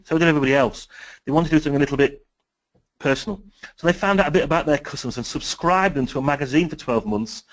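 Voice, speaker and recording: A man with a Sheffield accent giving a business webinar talk, telling lively stories and acting out the dialogue. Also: mid-range voice, dull audio. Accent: Sheffield English. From England. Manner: lively storytelling, acts out quoted dialogue. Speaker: business speaker.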